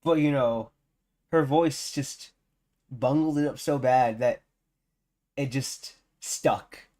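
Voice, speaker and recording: Slow, rambling male streamer. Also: medium pitch, a little mellow. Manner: rambling, filler-heavy, amused. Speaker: streamer reacting to a video. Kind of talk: casual reaction commentary.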